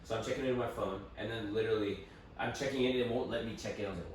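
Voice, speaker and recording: A young man, a podcast co-host, chatting casually and telling stories animatedly, swearing freely. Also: rapid-fire. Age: young adult. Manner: animated storyteller, swears freely, mimics family in high voices. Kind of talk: casual chat. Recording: echoey room, distant mic, faint noise.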